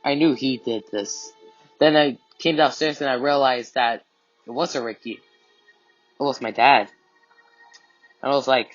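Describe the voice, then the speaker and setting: A man telling an improvised scary story in the first person, halting with restarts and strings of "and then", on a dull lo-fi recording with faint music. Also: medium pitch, fairly even intonation, no room sound.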